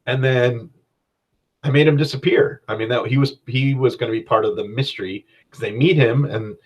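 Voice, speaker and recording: A man's voice: medium pitch, moderate pace, slightly rough, poor audio. A man hosting a casual solo podcast as a game master. He rambles in a self-deprecating way and uses many fillers.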